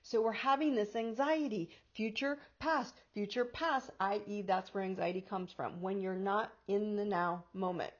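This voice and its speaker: A woman life coach talking casually to her viewers about anxiety, animated and quick to act out inner voices, with frequent laughs. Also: mid-range voice, highs cut off. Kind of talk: casual spiritual talk to camera.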